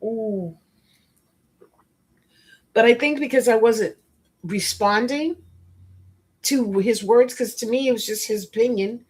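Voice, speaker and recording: Husky-voiced woman coaching bluntly. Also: fairly high pitch, takes it slowly, long pauses, darkish tone. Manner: emphatic, blunt, with frank asides; storytelling and preachy, addressing listeners directly. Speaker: spiritual life coach and podcast host. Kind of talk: motivational podcast monologue.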